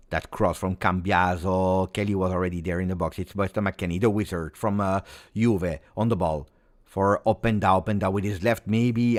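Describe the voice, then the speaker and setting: A man giving live football reaction commentary, excitable play-by-play mixed with exclamations. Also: deep voice. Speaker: football watch-along streamer.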